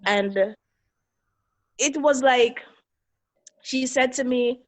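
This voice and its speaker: A woman's voice: high-pitched, drawn-out words. A middle-aged woman, a guest on an interview show, tells in earnest the story of losing her young son, reliving each moment. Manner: earnest, reliving events, voices quoted people. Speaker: guest, bereaved mother. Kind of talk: emotional personal storytelling.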